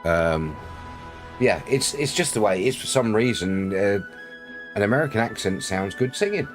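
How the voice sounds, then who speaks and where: A man's voice: on the low side, expressive, moderate pace, soft background music. A man from Britain chatting casually on a game live stream, rambling, laughing often and greeting viewers by name.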